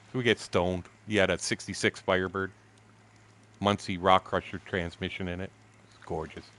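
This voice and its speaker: A man's voice: sits low, fairly bright tone. A man in his sixties, a gaming streamer telling a crude, profane anecdote in a casual, chuckling way. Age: 60s. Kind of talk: casual storytelling while streaming.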